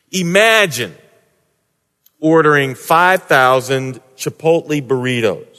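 A pastor delivering a sermon in a slightly higher-pitched male voice. He drops to hushed, prayerful tones and then lifts into emphatic preaching. A long reverb from the church hall trails every phrase.

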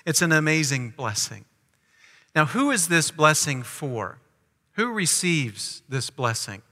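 A man's voice: fairly high pitch, very animated, takes it slowly, bright, forceful tone, long reverb tail. A man preaching a sermon, reading scripture aloud and asking his listeners teaching questions. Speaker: pastor.

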